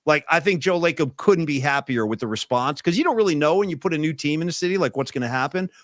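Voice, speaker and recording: Lively, high-pitched male podcast host. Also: quick pace, no echo, clean studio sound. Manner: animated, swings into loud impressions and sung lines. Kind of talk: casual sports and pop culture chat.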